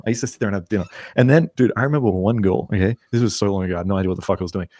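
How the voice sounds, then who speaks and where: Very fast-talking, low-voiced man. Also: dark tone, no echo. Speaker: podcast co-host. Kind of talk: casual chat.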